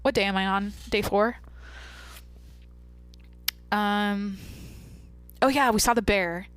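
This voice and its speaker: A woman's voice: mid-range voice, slow pace, clean tone, faint music behind. A young woman hosting a podcast, talking candidly in a rambling, casual way with lots of "like". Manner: rambling, candid, heavy use of "like". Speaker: podcast host. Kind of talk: casual monologue.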